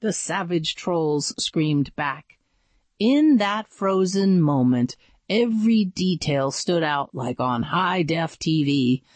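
A woman narrates an audiobook adventure with slow, deliberate pacing. Her fairly low voice rises and falls expressively, recorded close and dry. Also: no echo. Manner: dramatic, expressive storytelling.

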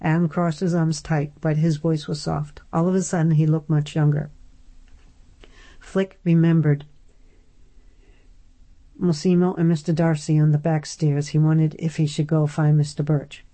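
Low-voiced woman narrating an audiobook. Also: level tone, normal speed, long pauses, warm tone.

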